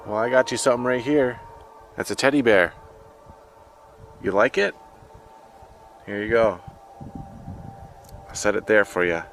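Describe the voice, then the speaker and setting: A man exploring a forest cemetery as a ghost hunter, gently asking questions aloud to an unseen presence. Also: fairly low pitch, measured pace, pauses often, slight background noise. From United States. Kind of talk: paranormal investigation vlog.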